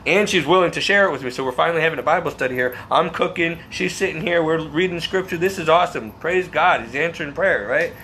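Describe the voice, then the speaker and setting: A man's voice: on the high side, fast talker, hardly any pauses, pushed and bright, slight background noise. A man vlogging a personal faith testimony, talking earnestly and emotionally, rambling and restarting his sentences. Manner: restarts and repeats words.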